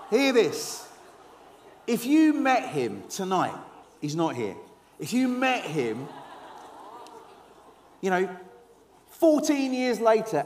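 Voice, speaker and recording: A man in his forties delivers a sermon in a fairly high voice. He mixes humorous storytelling with soft, earnest passages. The sound rings out in an echoey hall. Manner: storytelling with humour, dropping to soft earnest tones. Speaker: preacher.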